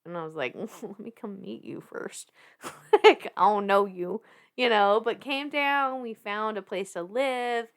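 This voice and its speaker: Southern woman on a podcast, chatty and lively, laughs a lot, cusses casually, middle-pitched voice. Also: unhurried. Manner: animated, laughs often, swears casually. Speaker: podcast guest.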